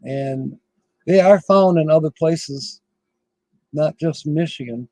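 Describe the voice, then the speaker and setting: A man's voice: on the high side, takes it slowly, dark tone, no room sound, rough recording. A middle-aged man hosting a casual livestream from his RV, rambling and chuckling often as he chats with viewers. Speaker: livestream host.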